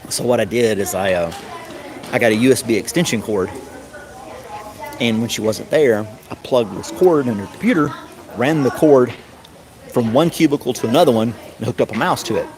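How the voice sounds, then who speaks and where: A middle-aged man casually telling a rambling story, often chuckling and mimicking others in a high voice. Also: normal speed, pauses often, crowd noise. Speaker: streamer. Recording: noisy background.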